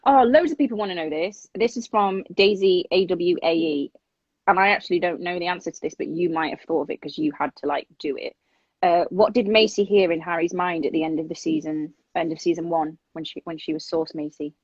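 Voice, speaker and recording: A woman with an English accent chatting casually on a phone livestream, reading fan questions aloud in a brisk, chatty way. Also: lowish voice, breathy edge, no room sound. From England. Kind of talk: casual live-stream chat. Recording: dull lo-fi phone audio.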